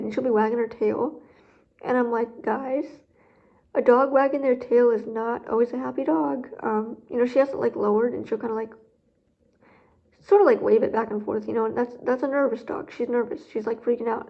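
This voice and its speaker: A woman's voice: on the high side, fairly even intonation, a little fast, creaky. A woman talking candidly in a personal vlog about handling her guide dog, rambling with many fillers and sounding emotionally drained. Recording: dull lo-fi recording.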